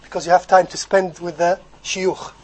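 A man preaching a sermon, animated, swinging from loud emphasis to soft asides and acting out quoted speech. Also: high-pitched, normal speed, rough recording. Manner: acts out quoted speech and recites in Arabic. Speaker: Islamic preacher. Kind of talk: sermon on hadith scholars.

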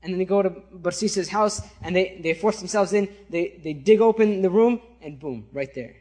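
A man preaches by telling a story and keeps checking in with his listeners. His voice is high-pitched with a husky edge. His delivery stays animated and conversational. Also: moderate pace. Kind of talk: sermon storytelling.

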